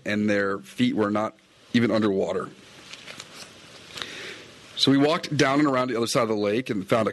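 A middle-aged man, a fly-fishing podcaster and guide, recapping his day in a chatty, meandering way, recorded outdoors. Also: medium pitch. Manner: chatty, meandering, self-correcting. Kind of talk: casual rambling recap.

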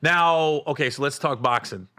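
Male host, short questions and quick reactions, bright tone. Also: fairly high pitch. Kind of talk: casual interview chat.

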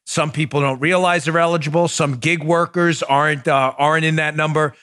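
A man's voice: on the high side, fairly even intonation, a little fast, a bit bright, clean tone, no echo, studio quality. A man hosting a political podcast, talking emphatically and building to heated, repetitive points. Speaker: podcast host. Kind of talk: political commentary.

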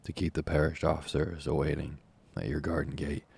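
A man's voice: rumbling low, flat delivery, fairly quick, gravelly, darkish tone, slightly rough, full character voice. A man voicing a fat, pompous, short-tempered parish official who likes to orate. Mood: indignant. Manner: pompous, self-important oratory.

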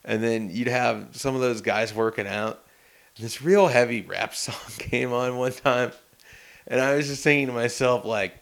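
A man's voice: mid-range voice, moderate pace, creaky. A man co-hosting a casual sports podcast, telling stories in an easygoing, rambling way. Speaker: sports reporter and co-host.

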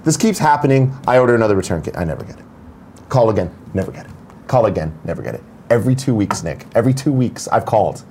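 A man's voice: fairly low pitch, lively intonation, fast talker, darkish tone, a little hiss or hum. A young adult man co-hosting a casual morning show, telling a story and acting out the quoted lines in different voices. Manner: acts out quoted dialogue in shifting voices. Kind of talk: casual chat, animated storytelling.

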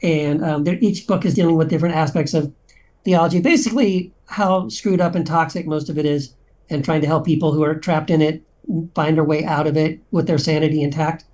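Mellow-voiced man chatting as a guest. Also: fairly high pitch, steady tone, a little fast, lo-fi sound. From Texas. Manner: friendly, rambling with many fillers. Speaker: podcast guest, author. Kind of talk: casual interview chat.

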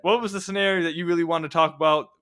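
Fast, bright-voiced podcast host. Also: male voice, fairly high pitch. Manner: fast, energetic, stumbling over words. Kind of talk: casual sports podcast chat and host-read ads.

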